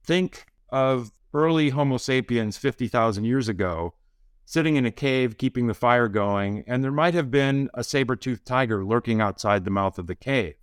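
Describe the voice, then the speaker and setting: A man, a physician guest on a podcast, explaining ideas in a calm, measured way. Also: medium pitch, smooth, no echo, studio quality. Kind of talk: conversational interview.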